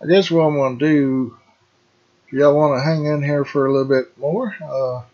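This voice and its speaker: A man's voice: a little high, fairly even intonation, normal speed, highs cut off. A middle-aged man hosting a gaming channel, talking in a rambling, folksy way and calling his viewers folks. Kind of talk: casual farming game commentary.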